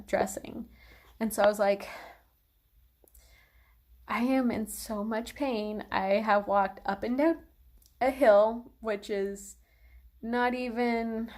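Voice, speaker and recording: A woman's voice: mid-range voice, darkish tone. A young woman vlogger telling a long personal story in a casual, rambling way, full of fillers and "like".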